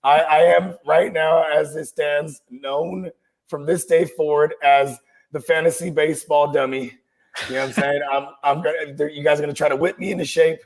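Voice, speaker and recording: A man's voice: fairly high pitch, fairly even intonation, moderate pace. A man co-hosting a podcast in loose, self-mocking casual chat. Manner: self-deprecating, laughing, loose. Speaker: podcast co-host.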